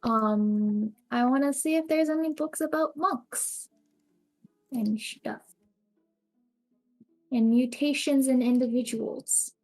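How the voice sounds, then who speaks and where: A woman's voice: high-pitched, slow, long pauses, darkish tone, faint music behind, poor audio. A woman playing a tabletop game, speaking hesitantly and repeating herself. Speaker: player. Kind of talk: tabletop role-play chat.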